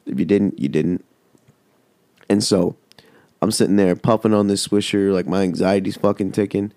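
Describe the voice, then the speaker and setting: A man's voice: deep voice, fairly even intonation, normal speed, dark tone, no echo, clean studio sound. A man hosting a podcast, telling a rambling, heavily profane story in casual chat. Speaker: podcast host.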